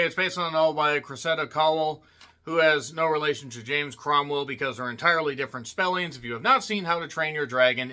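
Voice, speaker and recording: A man's voice: fairly high pitch, sharp tone. A man reviewing a movie in a casual spoken style, full of sarcastic, joking asides.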